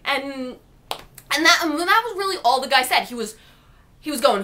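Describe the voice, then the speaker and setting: A woman's voice: sits high, lively intonation, a little fast, sharp tone. A young woman vlogger telling a story to camera in a rambling, snarky, casual way.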